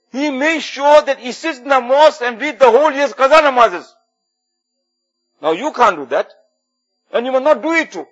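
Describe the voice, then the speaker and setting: High-voiced husky man preaching a sermon. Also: a bit bright. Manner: repeats key phrases for emphasis, earnest exhortation. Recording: dull lo-fi recording with faint music.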